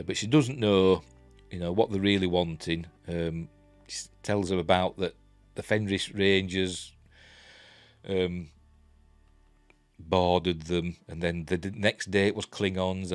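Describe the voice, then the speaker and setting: A man's voice: low voice, steady tone, a little slow, dry recording, soft background music. A man with a Yorkshire accent reviewing a TV episode in a rambling, casual way, full of fillers.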